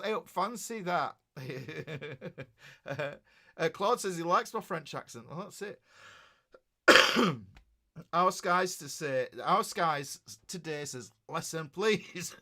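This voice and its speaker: A man's voice: fairly high pitch, pushed and bright. A middle-aged man, a guitar teacher chatting casually on a livestream and reading out viewer comments in a rambling way.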